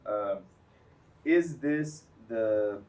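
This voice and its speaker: A man, a student in an online class, reading sentences aloud slowly and hesitantly and then translating them. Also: on the low side, expressive, a little mellow. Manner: hesitant, slow and careful reading.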